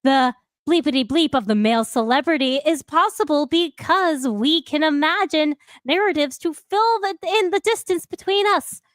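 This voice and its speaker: A woman co-hosting a podcast, reading a prepared essay aloud in long, measured sentences and stumbling on a word now and then. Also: sits high, expressive, no room sound, studio quality. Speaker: podcast co-host.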